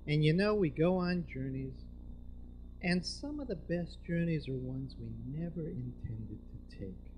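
Expressive male storyteller on a live stage. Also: on the high side, measured pace, slight background noise. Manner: expressive, shifting between hushed and emphatic. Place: live event venue with audience.

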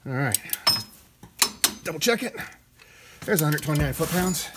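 A man's voice: on the high side, moderate pace, long pauses, very noisy. A man hosting a do-it-yourself car repair video, narrating casually and chatting to himself with jokey asides as he works in a garage. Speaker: DIY car repair host. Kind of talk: casual how-to narration while working.

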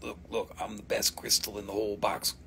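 A boastful little crystal , voiced by a man, talks up itself in a hushed, pushy murmur. It is crude and insistent, begging the listener to buy it. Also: level tone, a little fast, vocal fry, slight background noise. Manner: hushed, pleading sales pitch.

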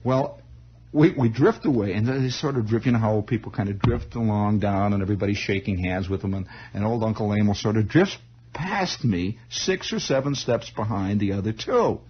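This 1960s radio broadcast features a man with a fairly low pitch telling a long, improvised story. He rambles, halts, and restarts frequently, while the audio is dull and carries slight background noise.

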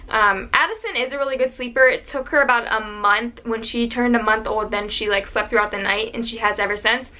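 A woman's voice: on the high side, fairly quick, few pauses, bright, forceful tone. A young woman vlogger chatting casually to camera with mom advice, rambling with lots of "like" and "um". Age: young adult. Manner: chatty, rambling, many "like" and "um" fillers.

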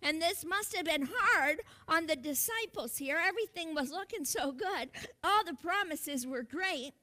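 A woman's voice: very high-pitched, lively intonation, unhurried, pushed and bright. A woman pastor preaching a sermon in an earnest way, calling out to her congregation and laughing lightly between points.

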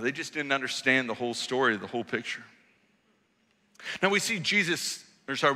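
A man preaching a sermon in a church, telling the story with lively, acted-out quotes. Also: medium pitch, long reverb tail. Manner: animated storytelling, acts out quoted voices. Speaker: pastor. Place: church auditorium.

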